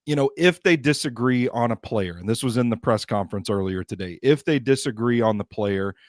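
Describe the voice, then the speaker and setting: A man co-hosting a sports talk show, giving measured conversational analysis. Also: medium pitch, no echo, clean studio sound. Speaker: co-host.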